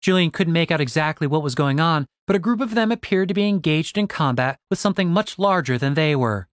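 Expressive male audiobook narrator. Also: on the high side, fairly quick, no echo, studio quality. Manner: expressive storytelling. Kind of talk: scripted narration.

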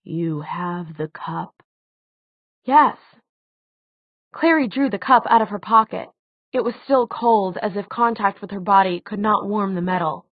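A woman reading a novel aloud as an audiobook narrator, steady and expressive. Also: medium pitch, normal speed, dry recording. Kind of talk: scripted narration. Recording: tinny phone-like dry sound.

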